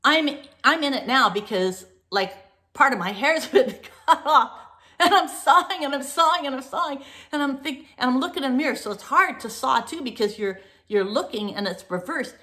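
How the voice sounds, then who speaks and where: Bright-voiced chatty woman host. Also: high-pitched, normal speed. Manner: chatty, rambling, laughs often; animated storytelling. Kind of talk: casual chat to viewers.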